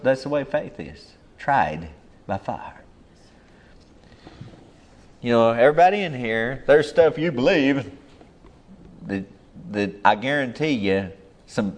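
A man's voice: medium pitch, big pitch swings, a little slow, long pauses. Folksy man preaching a sermon. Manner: folksy, emphatic, swings between loud and soft.

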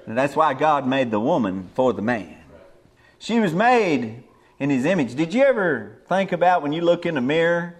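A man preaching a sermon in folksy rural speech, building to emphatic exhortations. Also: on the high side.

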